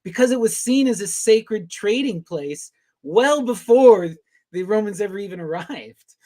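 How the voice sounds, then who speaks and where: A podcast host chatting casually with a guest, excited and curious, asking questions full of fillers. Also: mid-range voice, a little slow. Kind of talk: casual interview chat.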